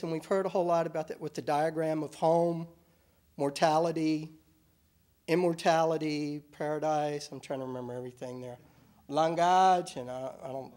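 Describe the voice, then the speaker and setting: A man's voice: fairly high pitch, a little mellow. A middle-aged man from Virginia with a Southern accent, giving a thoughtful, wry talk at a university symposium. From Richmond, Virginia, US. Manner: thoughtful, wry lecturing with some self-corrections. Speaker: academic speaker at a symposium. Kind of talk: conference talk.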